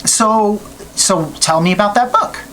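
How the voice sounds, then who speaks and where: A man's voice: high-pitched, a little slow, a little hiss or hum, rough recording. Laid-back male interview host. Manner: relaxed, brief prompting questions and affirmations. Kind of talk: casual interview.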